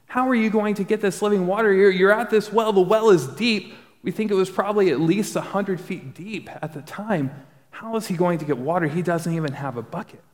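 Man preaching in a reverberant hall. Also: fairly high pitch. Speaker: pastor. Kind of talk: sermon.

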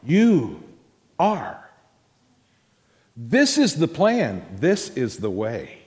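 A man preaching a sermon as pastor, swinging between loud, high emphasis and quiet, drawn-out words. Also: huge pitch swings. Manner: dramatic swings in pitch and volume, drawn-out emphasis. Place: church sanctuary. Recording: long reverb of a church hall.

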